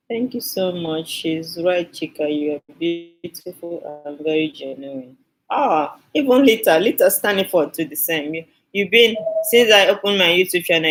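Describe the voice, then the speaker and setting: A woman's voice: fairly low pitch, low-quality recording. A woman hosting a skincare live stream, chatting with viewers and thanking them effusively, often repeating her phrases. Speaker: skincare channel host.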